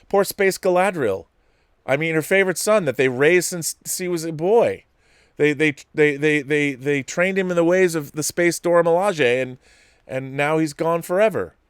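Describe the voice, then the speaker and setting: A man's voice: fairly high pitch, no room sound, clean studio sound. A middle-aged man hosting a casual solo commentary show, rambling and laughing often between thoughts. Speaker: show host.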